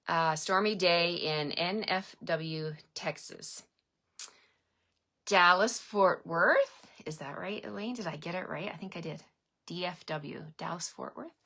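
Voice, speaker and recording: A woman's voice: low voice, bright, forceful tone. A middle-aged woman from Canada chatting cheerfully on a livestream from home, laughing often and greeting viewers by name. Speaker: stamping demonstrator hosting a livestream. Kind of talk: casual livestream chat. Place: at home, indoors. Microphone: webcam or phone camera.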